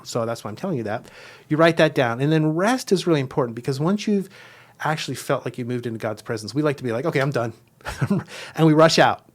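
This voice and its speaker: A man speaking as a guest, explaining a devotional method in an earnest, reflective way and slowing down to stress key words. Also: a little high, animated. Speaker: guest teacher.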